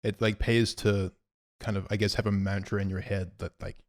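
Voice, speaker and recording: A man's voice: on the low side, little pitch movement. A young man co-hosting a podcast, thinking aloud in a casual chat with lots of filler words. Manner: quick, thoughtful, with many filler likes. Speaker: podcast co-host.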